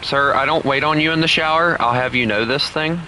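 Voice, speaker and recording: Young guy streamer goofing around w friends, bouncy high voice, bright, faint hum behind. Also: a little fast. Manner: playful, teasing, laughs often. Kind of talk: casual gaming stream chat.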